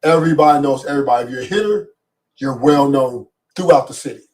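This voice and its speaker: A man's voice: medium pitch, fast talker, darkish tone, far from the mic. A man with a Los Angeles accent, a podcast guest talking casually in a streetwise, emphatic way and often repeating himself.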